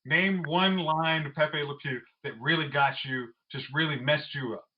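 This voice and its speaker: A fairly high-voiced man chats casually on a podcast, telling stories with lively mimicry. The sound is a little dull and lo-fi. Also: moderate pace. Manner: animated storyteller, mimics people. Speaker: podcast co-host. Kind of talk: casual chat.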